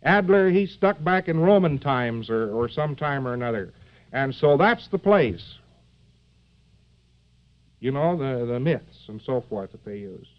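A man's voice: medium pitch, very animated, a little slow. A man giving a rambling, joking live lecture to an audience, full of fillers and asides like "see?". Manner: joking, digressive, many fillers and rhetorical asides. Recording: dull lo-fi old lecture recording.

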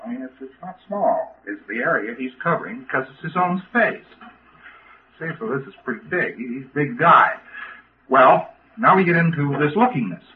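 A man lecturing to a class of trainees, folksy and emphatic, at a middling pitch and often restarting his sentences. He comes through an old, tinny recording with a narrow phone-like sound. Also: animated, moderate pace, a little hiss or hum.

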